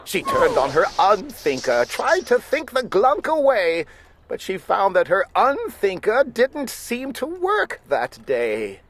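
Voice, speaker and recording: A storyteller reading a rhyming picture book aloud with expressive delivery. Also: medium pitch, slow pace, slight background noise.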